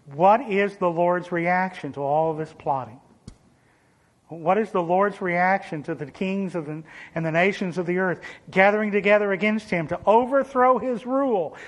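A man's voice: high-pitched, a little slow. Earnest man preaching. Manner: earnest preaching with sudden emphatic rises and sarcastic asides. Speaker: pastor. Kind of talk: sermon.

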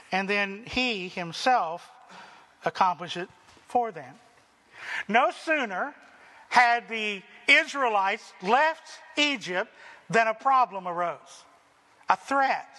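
A man preaching a sermon slowly and deliberately, acting out the people's voices in dramatic quotes. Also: high-pitched, animated, sharp tone, in a large hall. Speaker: pastor.

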